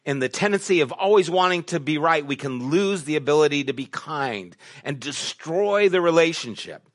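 Man, middle-aged, pastor, sermon, storytelling, slightly high voice, hushed asides, emphatic questions. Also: lively intonation, normal speed. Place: church sanctuary.

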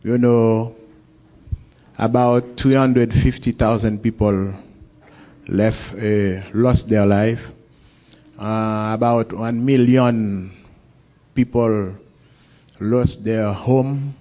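A man from Haiti with a Haitian accent, telling his own story in an interview, halting and searching for words in English. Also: on the low side, steady tone, warm tone. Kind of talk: personal account in an interview. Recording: dull lo-fi recording.

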